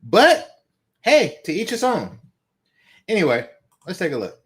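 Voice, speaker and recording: In this profane reaction commentary, a Bay Area man mocks a clip, laughs at it and curses frequently. He has a high voice whose pitch swoops wildly, and he takes his time speaking.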